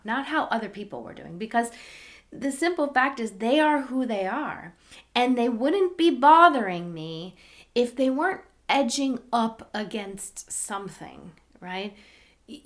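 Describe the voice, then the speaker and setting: A woman shares a personal story in a candid, animated way. Her mid-range voice rises when she gets worked up and drops to soft, hushed asides. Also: medium pitch. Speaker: spiritual channel host.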